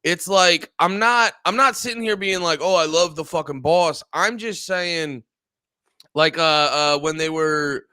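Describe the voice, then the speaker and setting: Male host, slightly high bright voice, rambling and profane, dry close recording. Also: a little slow, clean tone, no echo. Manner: rambling, profane, acts out quotes. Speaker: podcast host. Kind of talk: casual podcast chat.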